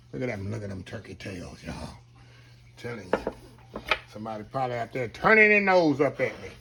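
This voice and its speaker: A man's voice: medium pitch, very noisy. A man hosting a casual cooking vlog, talking folksy and calling his viewers y'all. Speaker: cooking channel host. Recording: kitchen with sizzling grease behind.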